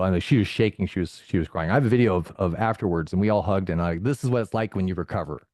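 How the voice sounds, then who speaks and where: Man, podcast guest, quick delivery, low voice, dry close sound, animated storyteller. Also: dry recording. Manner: animated, acts out dialogue in his stories. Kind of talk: casual storytelling.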